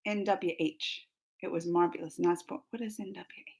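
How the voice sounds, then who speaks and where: A young woman hosting a live stream, chatting casually with viewers, reading comments and laughing often as she gushes with excitement. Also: fairly low pitch, normal speed, creaky, slightly rough.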